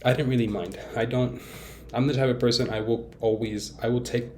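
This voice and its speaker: A man's voice: medium pitch, fairly even intonation, brisk, darkish tone, slight background noise. A young man talking candidly and at length in a casual vlog monologue, rambling with fillers and restarts and poking fun at himself. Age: young adult. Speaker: vlogger.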